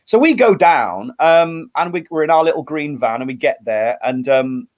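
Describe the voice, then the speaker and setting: Middle-aged male musician guest, slightly high-pitched, animated storyteller with restarts. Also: moderate pace. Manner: animated storyteller, acts out quotes, many restarts. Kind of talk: storytelling in a casual interview.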